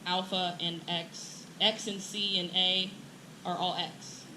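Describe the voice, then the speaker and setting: A woman teacher giving a warm, teasing graduation speech, laughing often and close to tears. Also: fairly low pitch, flat delivery, slow. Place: outdoor ceremony with crowd. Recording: echoey outdoor sound with crowd and noise.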